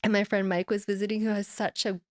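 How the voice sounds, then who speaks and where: A woman's voice: mid-range voice, flat delivery, fast talker, dry recording, studio quality. A middle-aged woman in a casual interview, talking in a rambling, self-deprecating way and laughing often. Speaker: guest musician.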